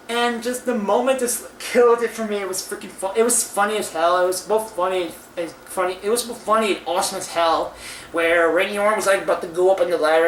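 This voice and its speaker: A man's voice: high-pitched, fairly bright tone. A young man casually reviewing a wrestling show, ranting and cursing with many restarts and fillers. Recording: echoey room, far from mic, faint hiss.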